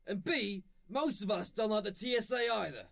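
A bumbling, chirpy English host, played by a man with a high, lively voice that bounces around. He stays cheerful and a little flustered. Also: normal speed, vocal fry, full character voice. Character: bumbling husband and metal show host. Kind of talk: sketch comedy acting.

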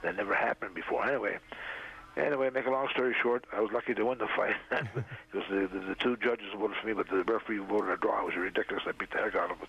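Gravelly older man, dull lo-fi radio sound. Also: fairly low pitch, fairly even intonation. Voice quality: gravelly, raspy. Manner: halting, frequent "uh" fillers. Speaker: interview guest. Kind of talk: rambling storytelling.

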